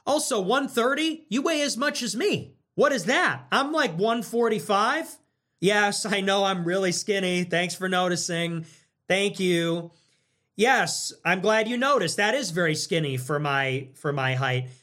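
Hosting a laid-back livestream, a young man with a high, energetic voice riffs mockingly and animatedly, repeating phrases in rapid bursts. His pitch rises and falls widely throughout.

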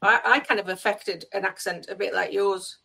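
Woman, gravelly voice, lively casual chatter. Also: mid-range voice, normal speed, low-quality recording. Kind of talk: casual chat.

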